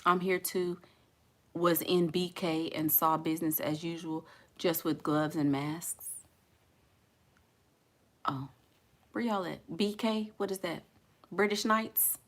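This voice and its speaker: Her voice is fairly low and steady as this young Houston, Texas vlogger with a Southern accent takes it slowly, leaving long pauses. She reads live comments aloud and reacts bluntly in casual conversation, laughing and responding to her viewers.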